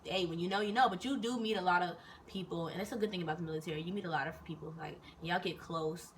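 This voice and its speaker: A young woman and soldier telling stories in a casual, animated, profane and rambling chat, recorded indoors. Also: fairly low pitch, fast talker. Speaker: vlogger and soldier. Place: indoors in Korea. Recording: distant mic with faint noise.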